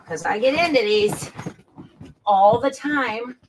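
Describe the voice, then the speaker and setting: A woman's voice: on the high side, lively intonation, slow pace. Brief: woman host, casual and chatty, talks to herself while tidying, earbud mic, light background noise. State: out of breath at times. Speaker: quilting show host. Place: craft room at home.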